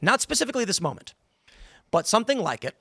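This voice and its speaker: A man's voice: high-pitched, big pitch swings, fast talker, creaky, bright, forceful tone, husky, no echo. A male podcast host in a casual panel discussion, telling rambling stories and acting out quotes in different voices. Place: studio.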